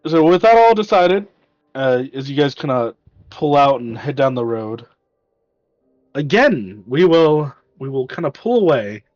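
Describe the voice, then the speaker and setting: A man narrating a tabletop game as game master, in a casual, halting way with restarts. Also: mid-range voice, very animated, darkish tone, no echo, muffled recording.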